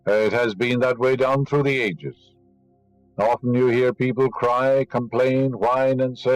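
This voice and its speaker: A man's voice: medium pitch, unhurried, soft background music, poor audio. A man delivering a spiritual lecture, emphatic and teaching, scornful of superstition and fond of rhetorical questions. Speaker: inspirational lecturer.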